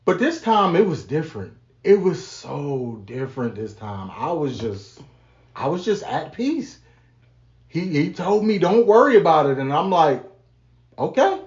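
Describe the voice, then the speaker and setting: Calm man in an echoey room. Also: fairly high pitch, measured pace, dull audio. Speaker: podcast co-host. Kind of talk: casual testimony chat.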